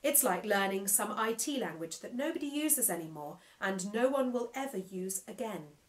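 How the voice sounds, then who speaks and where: A woman's voice: mid-range voice, lively intonation, moderate pace, natural voice. A woman voicing a smug male AI that talks through a big digital mouth, pompous and over-enunciated. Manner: pompous, self-satisfied, enunciating every syllable.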